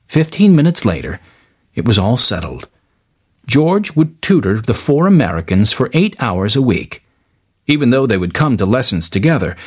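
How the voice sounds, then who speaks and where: A man reading a story aloud in a scripted, expressive style. His voice is husky, and his pitch rises and falls in a lively way as he carries the narration along.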